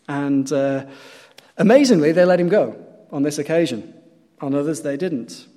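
A man's voice: on the high side, lively intonation, normal speed, long pauses. Man preaching in a reverberant church. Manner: earnest storytelling, rising to loud emphatic peaks and dropping to quiet. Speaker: pastor. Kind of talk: sermon. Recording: long hall reverb.

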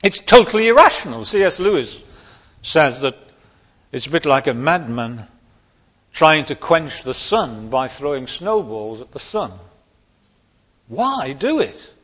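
Male preacher, slow and emphatic, slightly high voice, dull recording in a long-echo hall. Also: big pitch swings, fairly bright tone, husky. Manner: emphatic, rising sharply on key words. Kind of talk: sermon.

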